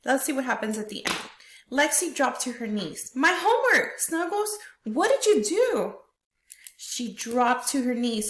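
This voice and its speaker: A woman teacher with a somewhat high voice leads a reading lesson for young children. She works through the text step by step and keeps checking in with "right?". The recording has a roomy echo. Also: fairly bright tone. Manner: explains step by step, tags questions with "right?".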